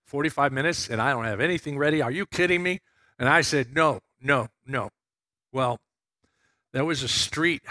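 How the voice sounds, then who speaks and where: Bright-voiced preacher telling a story. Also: male voice, on the high side, no room sound. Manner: lively, acts out quoted voices in his stories. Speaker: pastor. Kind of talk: sermon with personal storytelling.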